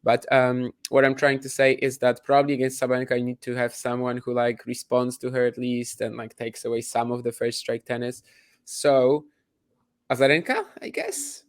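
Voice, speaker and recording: Gravelly guy, blunt tennis opinions, lots of likes and you knows, call mic. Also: medium pitch. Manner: blunt, dismissive, heavy on fillers like "like". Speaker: co-host tennis pundit. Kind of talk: casual opinionated chat.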